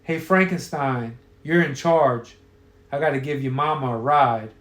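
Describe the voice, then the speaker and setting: A man's voice: medium pitch, a little slow, a bit bright, close to an everyday voice. A man voicing a cocky, sleazy young store manager who talks mocking and crude.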